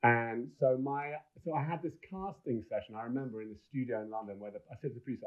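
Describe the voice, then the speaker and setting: A fast-talking middle-aged man with a medium-pitched voice hardly pauses as he tells rambling, enthusiastic stories, breaking off and restarting often. He is a film director appearing as a podcast guest, and the lo-fi recording sounds dull.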